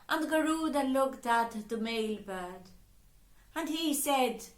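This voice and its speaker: Woman narrator for a children's story, high-pitched and unhurried, in a roomy space. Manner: slow, expressive, voicing characters. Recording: roomy echo.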